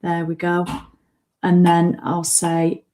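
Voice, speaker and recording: A woman's voice: on the low side, completely flat delivery, takes it slowly, noisy background. A woman hosting a casual live fitness stream, giving an encouraging motivational pep talk and swearing casually now and then.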